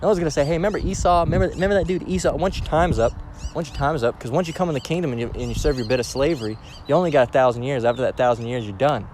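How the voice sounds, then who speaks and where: A man's voice: medium pitch, racing, noisy background. A man giving an informal scripture lesson, emphatic and blunt, often checking in with "all right?" and swearing freely. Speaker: religious teacher.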